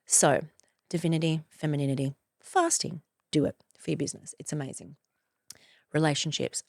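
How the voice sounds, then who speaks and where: A woman in her forties hosting a podcast, talking in a loose, effusive monologue, swearing freely and leaping up in pitch for playful emphasis. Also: animated, normal speed, no room sound, studio quality. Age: 40s. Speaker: podcast host. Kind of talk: casual monologue.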